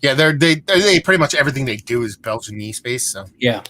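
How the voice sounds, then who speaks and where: A chatty man from Pennsylvania hosts a live beer hangout and rambles through a long story, restarting sentences and swearing freely. His voice is bright and forceful. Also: medium pitch, animated, fast. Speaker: beer show host. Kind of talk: casual live-stream chat.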